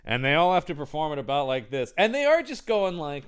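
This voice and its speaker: A man co-hosting a casual movie podcast, animated and jokey, often slipping into mock voices for characters. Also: a little high, brisk, clear, resonant tone. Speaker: podcast co-host. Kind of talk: casual movie-riff chat.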